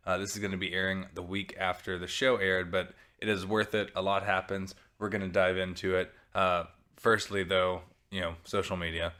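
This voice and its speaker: Deep-voiced male podcast host. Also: fairly bright tone. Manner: rambling, self-correcting, upbeat plugs. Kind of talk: casual podcast chat.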